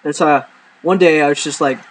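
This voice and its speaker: A man's voice: fairly high pitch, a little fast, slight background noise, poor audio. A man casually telling a rambling comic story about his ex-girlfriend, full of fillers and restarts. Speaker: stand-up storyteller.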